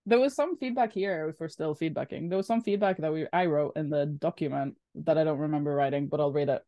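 A woman co-hosts a casual podcast from a small basement studio, her voice low and her pace quick. She rambles through stories with many fillers and restarts. The sound is close and dry. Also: warm tone, dry recording. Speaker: podcast co-host. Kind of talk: casual chat. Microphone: studio mic.

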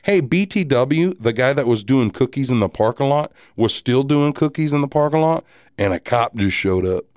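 A man hosting a podcast, telling a story in a casual, animated, profane and wry way. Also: mid-range voice, normal speed, dry recording, clean studio sound. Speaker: podcast host.

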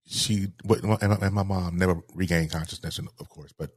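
A man with a low, husky voice talks slowly and haltingly, circling back over his words. The sound is close and dry. He speaks in a heartfelt interview. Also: fairly even intonation, no room sound. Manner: halting, repeats words, grieving tone. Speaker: guest. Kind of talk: emotional interview storytelling.

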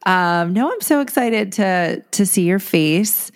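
A woman's voice: mid-range voice, expressive, slow, clear, resonant tone. A young woman co-hosting a casual podcast, frank and giving blunt, friendly advice. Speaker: podcast co-host. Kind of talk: casual chat.

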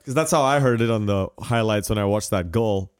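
A man hosting a casual soccer podcast, joking around with quick asides. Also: lowish voice, clean tone. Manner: animated, jokey, quick asides. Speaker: podcast host.

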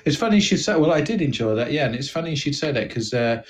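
A man co-hosts a comedy podcast in loose, jokey conversation. His voice sits slightly high, and his sentences wander and trail off as he riffs. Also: lively intonation, quick pace. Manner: jokey, drifting off mid-sentence. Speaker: podcast co-host. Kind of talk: casual comedy chat.

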